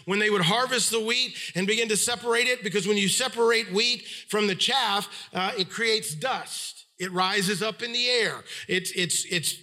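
A man's voice: moderate pace, hardly any pauses, sharp tone. A middle-aged man preaching a sermon, retelling a scripture story and acting out the voices of its people. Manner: storytelling, acts out quoted voices with pitch swings.

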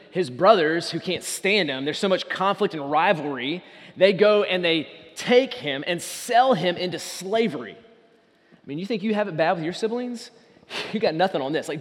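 Pastor, male, high-pitched, earnest sermon delivery with emphatic swells, long hall reverb. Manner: earnest, rising to loud emphatic peaks.

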